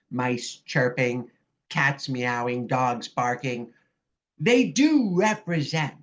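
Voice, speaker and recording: A woman life coach giving an upbeat, animated online workshop presentation over a video call. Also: a bass voice. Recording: dull lo-fi video call audio.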